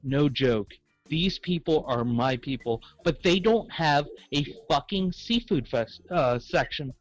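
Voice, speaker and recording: A man from the American South spins a loose, rambling comic story. His Southern accent stays thick the whole way, and he slips in bits of other people's voices as he goes. The sound is a little dull, with soft music underneath. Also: fairly high pitch, lively intonation, slow, no echo.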